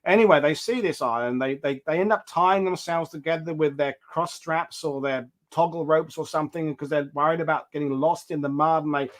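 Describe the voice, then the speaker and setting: Rambling host with a higher voice. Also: male voice, a little fast, few pauses. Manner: animated, rambling, many restarts. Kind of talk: casual storytelling chat.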